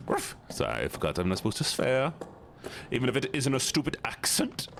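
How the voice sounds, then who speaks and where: A man streaming a game and chatting casually with his viewers in a playful, goofy way, jumping into sudden high squeaky exclamations. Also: wildly swooping pitch, brisk, creaky, fairly bright tone. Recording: noticeable background noise.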